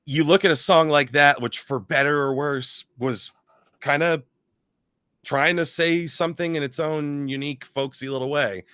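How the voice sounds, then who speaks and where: A man co-hosting a podcast in casual chat, animated and profane, slipping into mocking voices. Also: on the high side, moderate pace, smooth, no room sound, clean studio sound. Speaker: podcast co-host.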